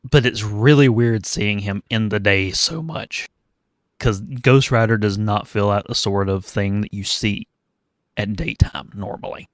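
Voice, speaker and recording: A man's voice: fairly low pitch, unhurried, no echo. A man co-hosting a podcast, chatting casually about a movie with wry, analytical humor. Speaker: podcast co-host. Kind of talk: casual movie review chat.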